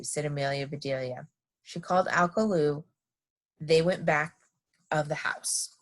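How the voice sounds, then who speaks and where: A woman reading a children's picture book aloud in an expressive, lively manner. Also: sits low, measured pace, long pauses. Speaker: storybook reader.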